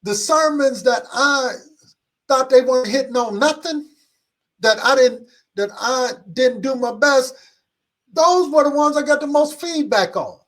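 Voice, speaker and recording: A man with a high voice preaches a motivational sermon, repeating key phrases. He calls on listeners to answer back and lets his excitement build as he presses a point. He sounds middle-aged. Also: unhurried. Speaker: pastor.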